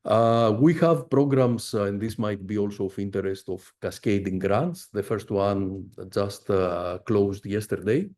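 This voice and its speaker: Middle-aged male professor presenting research, dark mellow voice, halting delivery full of "uh"s. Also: fairly low pitch. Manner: halting, frequent "uh" fillers. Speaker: visiting professor giving a research talk. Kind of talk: academic presentation.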